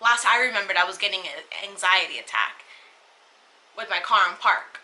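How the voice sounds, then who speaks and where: A woman's voice: medium pitch, lively intonation, normal speed, pushed and bright, poor audio. A young woman vlogger telling a personal story in a casual, rambling way, full of fillers and restarts. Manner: emotional, rambling retelling with many fillers and restarts.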